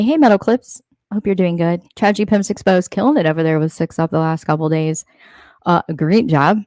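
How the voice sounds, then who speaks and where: Woman host, casual chatty stream talk, slightly low pitch, dry sound. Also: no echo. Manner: friendly, chatty, rapid shout-outs. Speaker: livestream host. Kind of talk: casual livestream chat greeting viewers.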